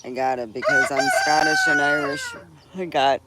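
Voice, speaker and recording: A woman's voice: a bass voice, steady tone, a little fast. A middle-aged woman chatting cheerfully on a live stream, rambling with restarts and frequent laughs. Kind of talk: casual live-stream chat. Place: outdoors in a backyard under a tree. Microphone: phone live stream. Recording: noisy outdoor phone stream. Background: birds and chickens around.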